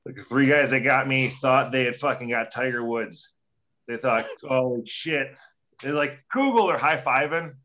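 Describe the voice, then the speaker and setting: A man telling rowdy, profane stories as a guest on a casual show, acting out the other people's lines as he goes. His voice is bright and forceful, and the recording comes through dull and lo-fi. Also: mid-range voice, moderate pace. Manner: profane, animated storytelling with acted-out quotes. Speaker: guest, former hockey player. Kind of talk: casual storytelling. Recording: dull lo-fi audio.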